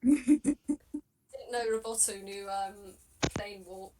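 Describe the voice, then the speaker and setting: A woman's voice: medium pitch, slow pace, distant mic, very noisy. A woman playing a tabletop game, talking in a playful, teasing way. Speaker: player. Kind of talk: casual chat at a tabletop game.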